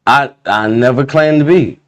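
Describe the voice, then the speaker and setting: Marine guy on a stream, stubborn, says the same thing over and over, normal-pitched voice. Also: moderate pace. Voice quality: insistent, repeats himself. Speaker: Marine caller on a stream panel. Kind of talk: defensive casual argument.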